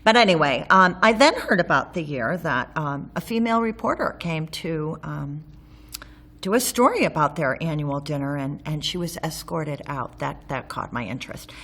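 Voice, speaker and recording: A woman with a notably low speaking voice recounts her own story for an interview. She talks candidly, with a wry, sometimes sarcastic edge. Her telling is loose and unscripted, full of ums and small restarts as she remembers. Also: lively intonation, moderate pace, fairly bright tone. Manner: frequent ums and self-restarts while recalling. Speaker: interviewee recalling local history.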